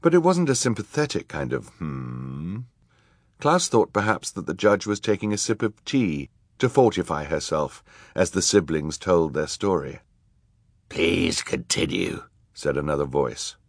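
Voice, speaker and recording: A man with a lowish voice narrates a story in a measured, wry way. The sound is close and dry, with no room around it. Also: very animated, no room sound. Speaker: audiobook narrator. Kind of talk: scripted narration.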